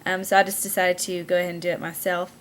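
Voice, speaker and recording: A young woman with a Southern US accent, chatting in a casual vlog and reading out a word list, pausing often with "um". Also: on the low side, little pitch movement, slight background noise. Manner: hesitant, full of "um" fillers. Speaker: vlogger.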